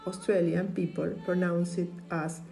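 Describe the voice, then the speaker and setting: A woman narrating a lesson on English varieties in a measured, even delivery. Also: fairly low pitch, gravelly, soft background music, low-quality recording. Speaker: English teacher.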